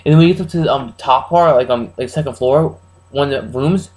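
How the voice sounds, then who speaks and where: A man giving a casual, rambling, spoiler-heavy recap of a horror film as a reviewer, excitable and full of restarts. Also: medium pitch, fairly quick, poor audio.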